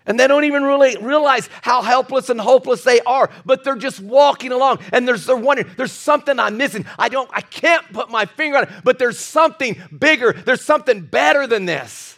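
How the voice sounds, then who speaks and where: A middle-aged man preaching to his congregation in a high, bright register. He circles back on his phrases and pushes them up to emphatic peaks, with the odd chuckle at his own asides. His delivery is earnest and direct. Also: brisk, few pauses. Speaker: pastor. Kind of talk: sermon.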